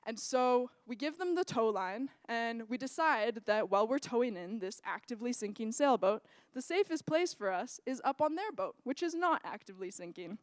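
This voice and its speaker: A young woman telling a personal story in a lively, animated way that builds suspense. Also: fairly high pitch, normal speed, few pauses, dry recording. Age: young adult.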